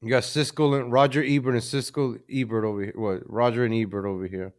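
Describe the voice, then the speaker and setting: A man's voice: mid-range voice, fairly even intonation, fast talker. A man hosting a casual live stream from his home computer, chatty and easily distracted, often repeating himself. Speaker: livestream host. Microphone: desk microphone.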